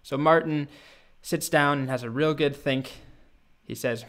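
A man's voice: medium pitch, steady tone, moderate pace. A young adult man teaching programming in a casual, playful and conversational way. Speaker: programming instructor. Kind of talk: casual coding lesson with storytelling.

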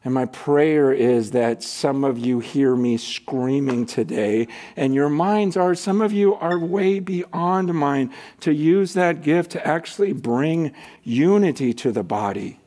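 A middle-aged man preaching a sermon as a pastor, impassioned, swinging from shouting to quiet prayer. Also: on the high side, slow pace. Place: church hall.

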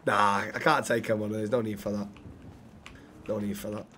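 A man's voice: lowish voice, steady tone, a little fast, sharp tone. A man streaming a role-play game, swearing freely and muttering to himself. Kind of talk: casual gaming commentary.

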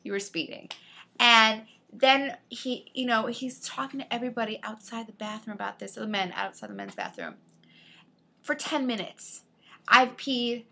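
A woman co-host tells a story in a bright, clear voice that sits a little high. She is animated and acts out each quote, dropping or lifting her voice to play the people she describes. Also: moderate pace, a little hiss or hum. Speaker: podcast co-host. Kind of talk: casual storytelling chat.

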